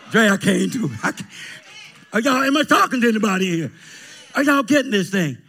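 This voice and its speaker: A male preacher with a high, expressive voice that leaps all over the place, delivering an animated, playful sermon full of call and response. He jokes with the congregation and speaks. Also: fast, gravelly, pauses often, husky. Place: church sanctuary.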